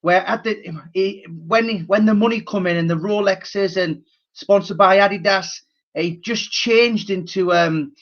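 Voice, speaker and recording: A man's voice: high-pitched, unhurried, a bit bright. A man interviewing a guest in casual chat, talking hesitantly with fillers. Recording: dull lo-fi sound.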